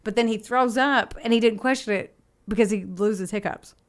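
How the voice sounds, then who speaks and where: A woman's voice: a little high, moderate pace. Giggly chatty woman telling a crime story. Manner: giggly, chatty, uses "like" a lot, acts out quotes. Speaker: podcast co-host telling a true crime story. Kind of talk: casual true-crime storytelling.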